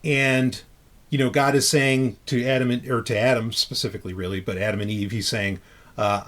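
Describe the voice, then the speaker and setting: A man at an ordinary middle pitch hosts a podcast in relaxed conversation. He talks loosely, circling back and restarting his sentences and dropping casual curses along the way. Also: normal speed. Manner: loose and talkative, swears casually, many restarts. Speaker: podcast host.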